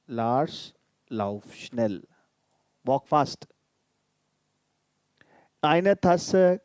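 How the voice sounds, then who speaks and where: A man's voice: medium pitch, a little mellow, dry recording. A man teaching a live online grammar lesson, explaining patiently and repeating each example. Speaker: language teacher.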